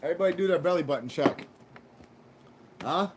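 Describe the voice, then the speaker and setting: A man's voice: a little high, fairly quick, noisy background. A man hosting a live stream, rambling through a casual monologue with crude jokes and heavy swearing. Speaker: livestream host.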